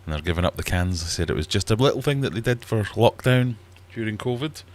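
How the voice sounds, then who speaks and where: With a fairly low voice, lively intonation, and a quick pace, a middle-aged man chats casually on his livestream. He rambles and runs himself down from his small, warm home fish room.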